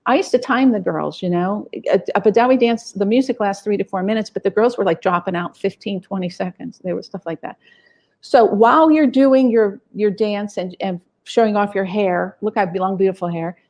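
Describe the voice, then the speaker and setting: A middle-aged woman, a music scholar being interviewed, telling lively stories and acting out the people she quotes. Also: mid-range voice, moderate pace. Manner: animated, acts out quoted people.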